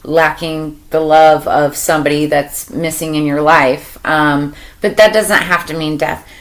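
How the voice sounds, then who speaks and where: A woman with a low voice talks through a tarot reading. She meanders and thinks out loud, filling her pauses with ums and you-knows, in an easy, casual way. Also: fairly even intonation, poor audio. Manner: meandering, thinks aloud with many fillers. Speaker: tarot reader.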